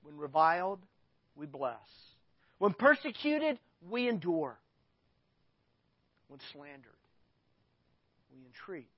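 A middle-aged man preaches in a high-pitched voice, swinging from loud, dramatic scripture readings to plain explanation. The recording is dry and dull, with a muffled lo-fi sound. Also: expressive, slow, long pauses, slightly rough, no echo. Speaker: pastor. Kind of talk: sermon.

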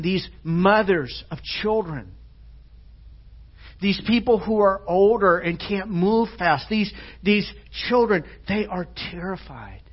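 Husky-voiced man preaching a sermon. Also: on the high side. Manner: earnest, swings from hushed to loud and emphatic. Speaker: pastor. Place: church sanctuary. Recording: dull lo-fi church recording.

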